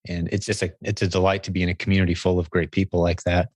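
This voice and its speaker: A man's voice: deep voice, flat delivery, quick pace, a little mellow, dry recording. A man hosting a podcast interview, talking in an enthusiastic, rambling way with frequent self-corrections. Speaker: podcast host. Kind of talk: conversational interview.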